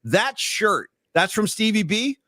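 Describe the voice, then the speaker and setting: Bright-voiced animated male podcast host. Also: high-pitched, takes it slowly, no echo, studio quality. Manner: animated, says "dude" and "bro" often. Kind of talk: casual chat. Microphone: studio mic, streamed video call.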